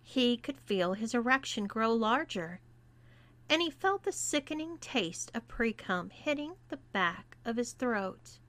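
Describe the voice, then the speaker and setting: A woman reading a scripted story aloud as narrator, in a deliberate manner. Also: fairly high pitch, lively intonation, fairly bright tone. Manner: slow and deliberate. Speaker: erotica reader.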